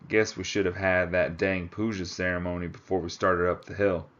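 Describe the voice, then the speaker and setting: Guy doing a deep drawly texas cowboy, folksy and gruff, kinda muffled audio. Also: level tone, moderate pace, fairly bright tone. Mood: wry. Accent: put-on Texas. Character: gruff Texan cowboy climber, drawling, plainspoken.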